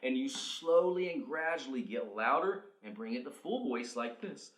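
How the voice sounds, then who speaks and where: Male vocal coach, mid-pitched, upbeat instructor, echoey room. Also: normal speed. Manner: energetic, coaching. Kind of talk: instructional video demonstration. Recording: roomy echo.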